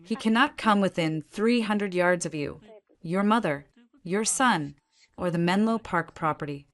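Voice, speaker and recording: A woman voicing a brisk, ruthless divorce lawyer in her fifties, speaking in curt, clipped, commanding sentences. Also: lowish voice, close to an everyday voice. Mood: businesslike. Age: 50s.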